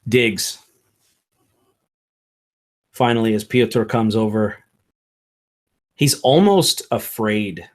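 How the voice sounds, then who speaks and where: A man narrating a tabletop game as game master, in slow, halting narration with fillers. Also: fairly low pitch, a little mellow.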